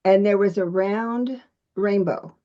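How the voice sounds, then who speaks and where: A woman's voice: mid-range voice, takes it slowly. Rambling woman on a dull call. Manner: rambling, giggling between thoughts. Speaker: caller with a question. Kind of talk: casual chat.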